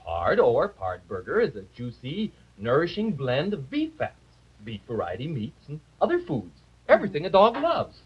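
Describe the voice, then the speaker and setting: A man's voice: a little high, huge pitch swings, normal speed, slightly rough, heavily acted. A man voicing a good-natured, boastful male dragon puppet in a 1950s live TV puppet comedy, talking in chuckling salesman patter. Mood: chatty salesman. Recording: dull lo-fi 1950s TV audio.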